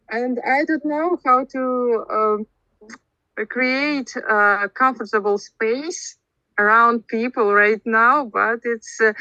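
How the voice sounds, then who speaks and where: A woman's voice: fairly high pitch, bright, forceful tone, dry recording, highs cut off. A Russian woman in her thirties speaking English with a Russian accent, hesitant and searching for words as she chats in a speaking club. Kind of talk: casual group chat in English.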